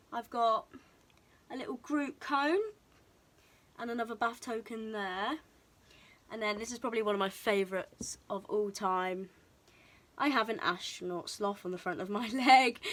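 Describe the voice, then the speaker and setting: A young woman talks casually to her camera, bubbly and chatty, her slightly high voice a little out of breath. She fills pauses with ums as she chats along. The sound comes from a camera on a tripod in a room. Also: a bit bright. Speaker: vlogger. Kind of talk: casual show-and-tell vlog. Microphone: camera mic on tripod, moved around.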